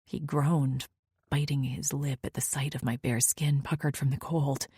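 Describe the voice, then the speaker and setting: A woman's voice: extremely low pitch, level tone, unhurried, warm tone, slightly rough, dry recording, studio quality. A woman narrating a first-person romance audiobook in an intimate, often near-whispered manner.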